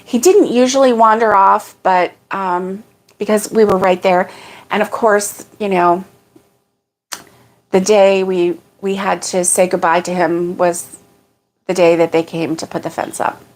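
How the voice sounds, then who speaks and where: A woman's voice: mid-range voice, fairly even intonation, a little slow, darkish tone. A middle-aged woman hosting a casual morning livestream, rambling homily and greeting viewers by name with a lifted, friendly voice. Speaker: livestream host.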